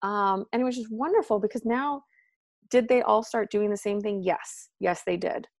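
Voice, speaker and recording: A woman talking casually as a podcast guest, animated and full of "like" and "um", acting out what her friends said. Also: moderate pace, dry recording, clean studio sound. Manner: animated, acts out quoted friends with pitch jumps; filler-heavy, frequent "like" and "um". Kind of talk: casual conversation.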